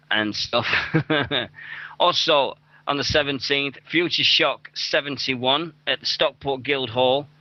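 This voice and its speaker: A man's voice: mid-range voice, bright, forceful tone, no room sound. A young man hosting a wrestling radio show, rambling through event listings with plenty of swearing and self-mockery. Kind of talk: casual show chat. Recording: dull lo-fi dry recording.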